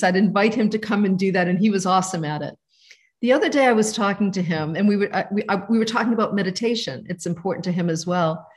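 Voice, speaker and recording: A woman in her fifties teaching a meditation lesson over a video call, gentle and conversational. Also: mid-range voice. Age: 50s. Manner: warm, gentle, conversational with soft asides. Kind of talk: live online teaching.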